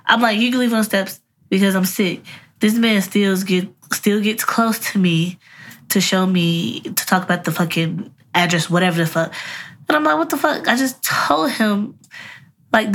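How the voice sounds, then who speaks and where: A woman's voice: lowish voice, fairly bright tone. A young woman telling a rambling, profane personal story to her viewers in a casual vlog. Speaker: vlogger.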